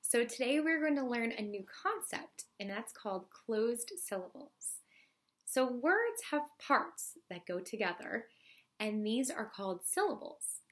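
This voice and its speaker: A woman teaching a first grade phonics lesson in a slow, clear teaching voice, clapping out syllables. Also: on the high side, sing-song, fairly bright tone.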